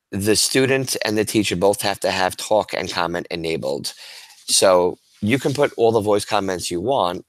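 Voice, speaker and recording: A man's voice: low-pitched, no echo. A male teacher presenting a webinar to other educators, talking casually and enthusiastically while he demonstrates tools on screen. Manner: casual and enthusiastic, with frequent restarts and fillers.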